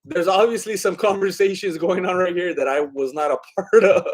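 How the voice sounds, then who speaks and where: A man with a slightly high-pitched voice hosts a casual live stream. He chats loosely with his viewers and reads their comments aloud. He laughs often and drifts a bit while eating. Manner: chatty and scattered, laughing often. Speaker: livestream host. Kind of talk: casual live watch-along chat reading viewer comments.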